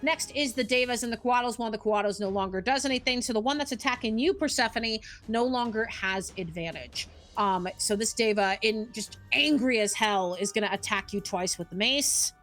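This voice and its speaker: A woman's voice: on the high side, moderate pace, hardly any pauses, fairly bright tone, faint music behind. A woman narrating as game master of a tabletop game, upbeat and often laughing.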